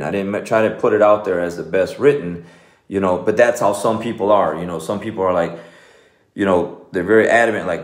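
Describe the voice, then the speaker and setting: A man's voice: low voice, fairly quick. A man in his forties, a jiu-jitsu coach, giving a loose and conversational motivational talk with plenty of "man" and "you know.". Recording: echoey room.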